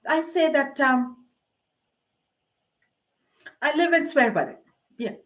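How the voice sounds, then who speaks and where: Speaking slowly in a high, somewhat bright voice, this Canadian woman in middle age vlogs about her own life. Her stories wander and poke fun at herself, studded with fillers, tangents, and laughter.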